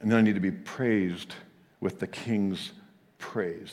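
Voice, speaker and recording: A man preaching a sermon, telling the story with animated delivery and frequent chuckles. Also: lowish voice, a little slow, big-room sound.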